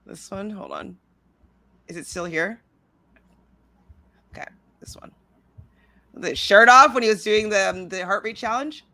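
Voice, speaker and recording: Chatty woman host, bright tone, dry sound; casual reality TV recap, giggly. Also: mid-range voice, unhurried, long pauses, no echo. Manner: chatty, giggly, reads live chat aloud. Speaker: podcast host.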